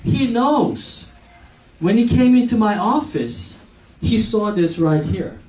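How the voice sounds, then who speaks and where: A man's voice: high voice, lively intonation, a little mellow. A man in his forties, an eye doctor, telling a chatty story to an audience, laughing often and acting out what people said. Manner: slow, chatty, laughs often, acts out dialogue. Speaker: optometrist speaking at a company event. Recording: echoey hall from far off, faint noise.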